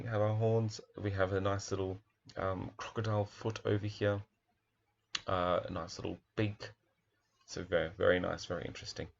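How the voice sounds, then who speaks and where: A man's voice: low voice, gravelly, muffled recording, slight background noise. A male primary teacher talking through a children's picture book, reflective, with many fillers and restarts.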